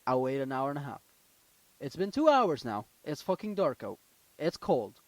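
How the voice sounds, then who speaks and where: A young man co-hosting a casual podcast, telling a story with lots of swearing, swinging between loud and quiet. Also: medium pitch, sing-song, normal speed, no room sound. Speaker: podcast co-host.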